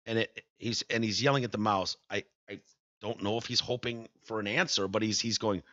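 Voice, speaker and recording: A man hosting a casual podcast, telling a story in an animated, profane way. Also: on the low side, fairly quick, dry recording, muffled recording. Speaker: podcast host.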